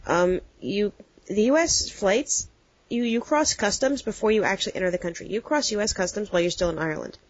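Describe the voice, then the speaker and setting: A woman's voice: medium pitch, fairly quick. An American woman co-hosting a podcast, telling rambling stories in casual chat and acting out what people said. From United States. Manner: rambling storyteller, acts out quotes. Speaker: podcast co-host. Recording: dull lo-fi dry sound.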